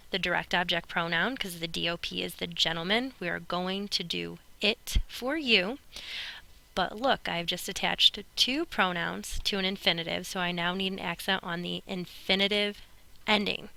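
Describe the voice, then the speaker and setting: A woman's voice: lowish voice, vocal fry, sharp tone. A woman teaching Spanish grammar in recorded lecture notes, explaining patiently with playful asides as she draws on screen.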